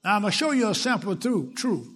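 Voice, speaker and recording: A high-pitched man delivers a sermon. His emphatic preaching rises to loud, stressed lines and drops to quiet asides. He repeats phrases to build rhythm. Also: big pitch swings, quick pace, breathy edge.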